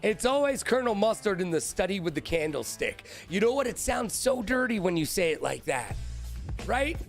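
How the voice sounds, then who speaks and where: A man hosting a live-streamed trivia show, hyped and playful, shouting out viewers by name. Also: high-pitched, sing-song, moderate pace, vocal fry, soft background music.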